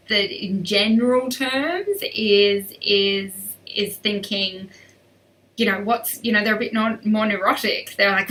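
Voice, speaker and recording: A woman's voice: medium pitch, bright, forceful tone, far from the mic, rough recording. A woman riding coach hosting a live stream, chatty and upbeat as she reads out and answers viewer questions.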